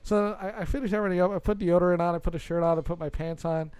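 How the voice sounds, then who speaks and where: A young man co-hosting a podcast, telling a story in a casual, animated, exasperated way and swearing often. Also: sits high, racing, clean tone. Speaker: podcast co-host.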